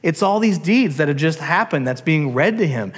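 A man's voice: on the high side, animated, normal speed, slightly rough. A man preaching a sermon as a pastor, telling a story animatedly and acting out its characters. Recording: long church hall reverb.

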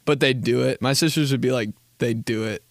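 Gravelly, rambling young man podcast host. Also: medium pitch, fairly quick, no echo, clean studio sound. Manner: rambling, profane, laughs a lot, acts out quotes. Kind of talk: casual comedic podcast chat.

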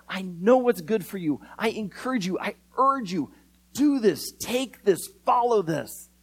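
Male pastor, sermon, high lively voice, husky tone. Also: low-quality recording. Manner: animated, acts out quoted voices.

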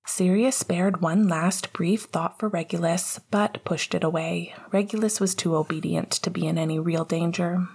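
A woman reading a story aloud in a calm, measured, soft manner. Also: fairly low pitch, slightly rough. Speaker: audiobook narrator. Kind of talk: reading fan fiction aloud.

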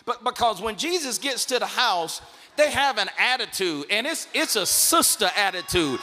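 A man with a very high, bright voice preaches a sermon. His delivery is emphatic and swells into shouted declarations. A long hall reverb trails behind every phrase. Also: very animated, moderate pace, a faint crowd. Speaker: bishop, guest preacher.

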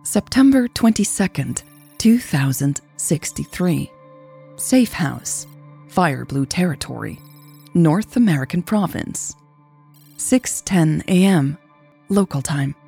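A woman narrating a story in a slow, measured way. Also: low-pitched, animated, gravelly, dark tone, slightly rough, soft background music. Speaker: podcast storyteller.

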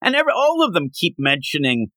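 A man's voice: a little high, wildly swooping pitch, quick pace, sharp tone, dry recording. A man hosting a comic book podcast, chatting casually and acting out characters' lines in silly voices. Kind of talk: casual chat.

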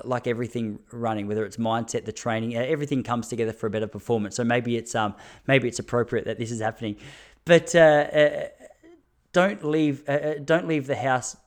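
A man, a running coach talking frankly to his listeners in a casual solo podcast, with fillers and restarts. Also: medium pitch. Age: 30s.

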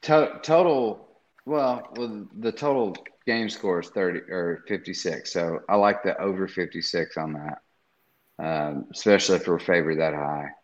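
A man with a very low voice speaks slowly and hesitantly, restarting his sentences as he talks through his bets. The audio is dull and lo-fi. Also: steady tone. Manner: slow, hesitant, restarts often. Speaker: podcast co-host making betting picks. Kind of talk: casual sports-betting chat.

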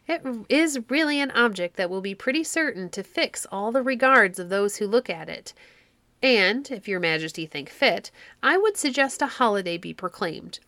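A woman's voice: mid-range voice, fairly bright tone, dry recording. A woman voicing a young hero of legend, brave and formally courteous. The reading is dry and close, with no room sound. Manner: formal, polite speech.

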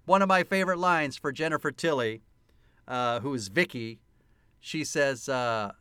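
A man co-hosting a podcast, excitedly retelling a film scene by scene with lots of laughter, in casual chat. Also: medium pitch, normal speed, clear, resonant tone, no room sound, studio quality. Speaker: podcast co-host.

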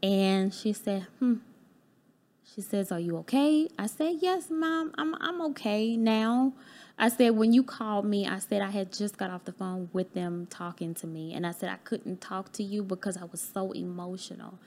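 A woman guest on a podcast talks through a personal story in an earnest, heartfelt way. She acts out what people said to her as she goes, and her voice sits at a middling pitch. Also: normal speed, a little mellow. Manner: candid, acts out remembered dialogue. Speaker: podcast guest, business owner.

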